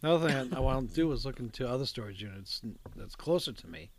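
A man in a casual chat, talking in a relaxed, wry way. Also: medium pitch, fast, a crowd in the background.

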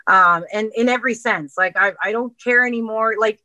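A middle-aged woman, a singer talking on a radio show. Her voice is bright and forward, and the sound is close and dry. She talks earnestly, circling back with restarts and fillers. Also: on the high side, brisk, dry recording, lo-fi sound. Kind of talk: casual interview talk.

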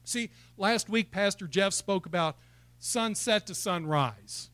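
A man's voice: high voice, slow pace, a bit bright, clean tone, dry recording. A man preaching a sermon in church, building to fired-up exhortation and asking the congregation questions. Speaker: pastor.

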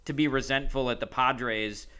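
A man's voice: mid-range voice, fairly even intonation, normal speed, sharp tone, smooth. A man co-hosting a podcast, arguing his opinions in casual chat with fillers like "um" and "like". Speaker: podcast co-host.

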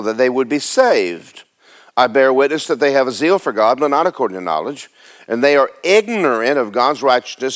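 A man's voice: mid-range voice, fairly bright tone. A man preaching a sermon in church, reading scripture aloud and talking it through in a conversational way, asking rhetorical questions and repeating phrases for emphasis.

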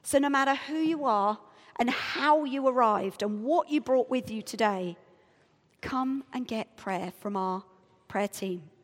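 Lively woman preaching in a church. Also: a little high, measured pace. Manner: lively and self-mocking, acts out dialogue. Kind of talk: sermon with storytelling. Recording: church hall reverb.

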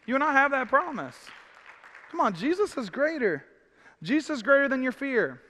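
Male pastor: very high, bright voice, emphatic sermon, echoing hall. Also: big pitch swings, moderate pace, some chatter behind. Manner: emphatic, repeats phrases, cries out in frustration. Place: church hall. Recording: long hall reverb.

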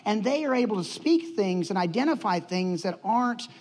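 A man telling a personal story in a sermon, animated and acting out what people said. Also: sits high, normal speed. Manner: animated storytelling, acts out quotes. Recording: long hall reverb.

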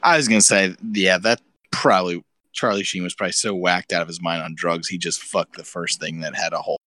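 A man's voice: low-pitched, fairly even intonation, fairly quick, sharp tone, dry recording. A man co-hosting a podcast, telling crude, swear-laden stories in casual chat and laughing often. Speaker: podcast co-host.

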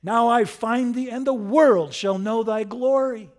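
A preacher doing a lovestruck deluded knight. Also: male voice, extremely high pitch, unhurried, pitched above the performer's own voice. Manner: flowery, archaic, solemn declaiming. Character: deluded courtly old knight, lovestruck and grandiose.

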